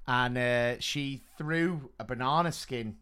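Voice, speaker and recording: A man co-hosting a podcast, chatting casually and reading out listener stories, playful and animated. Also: mid-range voice, slow, clear, resonant tone. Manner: animated, mimics kids in voices. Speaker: podcast co-host.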